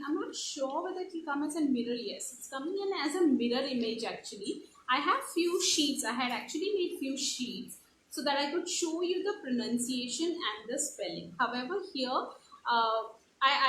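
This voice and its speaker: A woman's voice: sits high, a bit bright, roomy sound, a little hiss or hum, low-quality recording. A woman with an Indian English accent teaching spoken English in a live online class, explaining step by step with many fillers and restarts.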